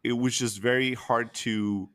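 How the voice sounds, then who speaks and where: Guy opening up about a rough time, lots of "like" and "right?", talks straight. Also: mid-range voice, steady tone, measured pace, a bit bright. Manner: open, emotional, frequent fillers and swearing. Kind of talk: candid personal storytelling.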